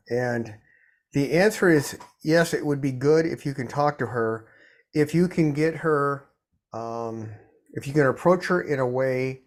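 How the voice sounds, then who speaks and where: Measured man giving an intuitive reading. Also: mid-range voice. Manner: measured, gentle, searching for words with restarts. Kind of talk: spiritual guidance on a video call. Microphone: video call.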